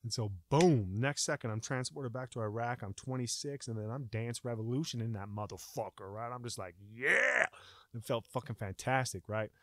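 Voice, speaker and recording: A young man telling a personal story in a casual, profane way, acting out his own panic with sudden shouts. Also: medium pitch, fairly even intonation, brisk, hardly any pauses, dry recording.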